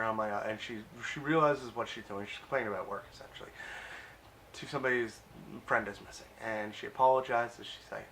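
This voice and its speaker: A man's voice: lowish voice, a little fast, fairly bright tone, a little hiss or hum. A man casually recapping and reviewing a TV episode, chatty and amused, with plenty of uh and um.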